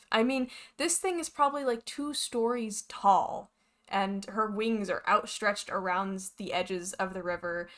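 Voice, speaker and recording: Bright-voiced woman game master. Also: mid-range voice. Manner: unhurried descriptive narration with fillers. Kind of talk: narrating a tabletop game.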